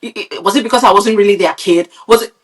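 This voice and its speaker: A Nigerian woman co-hosting a podcast talks fast in a mid-range voice. She rants bluntly and heatedly in casual, opinionated chat, swearing a lot.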